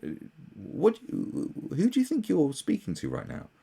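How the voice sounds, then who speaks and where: A young man ranting sarcastically as a commentary host, swearing often and mocking others in shrill put-on voices. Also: huge pitch swings, a little slow, vocal fry, warm tone, husky.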